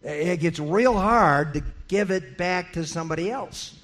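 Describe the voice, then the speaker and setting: A middle-aged male pastor preaching a sermon in an animated way, acting out the voices of the people in his stories. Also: high voice, unhurried. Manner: animated, acts out quoted voices.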